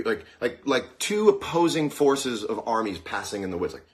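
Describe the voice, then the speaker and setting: A man's voice: lowish voice, a little fast, a little hiss or hum. A man hosting a casual livestream, rambling and joking through a monologue with a sore mouth. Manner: rambling, jokey and animated. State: sore mouth after dental problem. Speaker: host. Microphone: phone.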